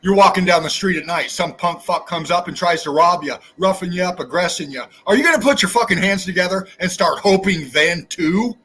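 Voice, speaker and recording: A man's voice: high-pitched, brisk, hardly any pauses, bright, forceful tone, breathy edge. A man hosting his own channel, delivering an angry, profane, preachy rant straight at his viewers. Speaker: channel host. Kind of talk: angry ranting monologue.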